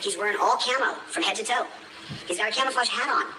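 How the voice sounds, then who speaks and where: A man's voice: high voice, quick pace. A man telling a rambling story in an emphatic manner, repeating himself, heard from a played stream clip. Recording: echoey, distant, faint hiss.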